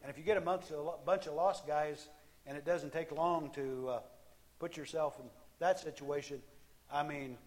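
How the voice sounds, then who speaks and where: A man's voice: on the high side, a little mellow. A man preaching a sermon, speaking earnestly with frequent restarts and fillers, acting out the cries of the people he quotes. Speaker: pastor.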